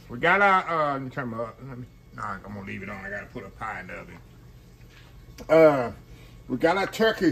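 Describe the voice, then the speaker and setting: A man's voice: on the high side, fairly bright tone. A man hosting a casual home cooking demonstration, chatty and folksy, calling his viewers y'all. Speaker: home cooking channel host. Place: home kitchen.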